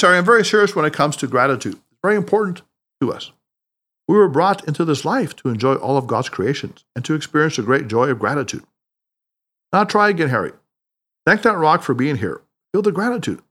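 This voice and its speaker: A man reading aloud as a wise, playful mentor who teases and insists gently. The voice sits a touch high and swings widely in pitch, lively and animated throughout. An audiobook figure full of emphatic warmth of conviction. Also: fairly quick.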